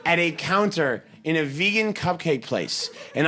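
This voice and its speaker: A man doing a stand-up comedy set, animated and building to exasperated shouting. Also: a little high, measured pace, hardly any pauses, some chatter behind.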